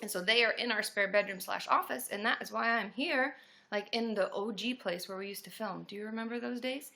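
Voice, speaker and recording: A woman therapist hosting a casual live stream from a room at home, greeting viewers by name and breaking into loud cheers. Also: medium pitch, fairly quick, vocal fry.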